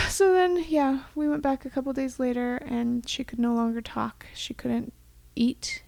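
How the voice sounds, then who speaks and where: A woman's voice: high voice, steady tone, unhurried, gravelly, dry recording. A young woman co-hosting a podcast, chatting casually in a rambling way with many fillers and sounding tender and close to tears. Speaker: podcast co-host. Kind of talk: casual chat.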